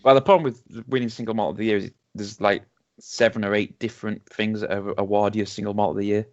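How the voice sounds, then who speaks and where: A man's voice: lowish voice, level tone, fast talker, darkish tone. A man from England co-hosting a casual whisky-tasting podcast, rambling with many restarts and ums. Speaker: podcast co-host. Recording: dull lo-fi home podcast recording.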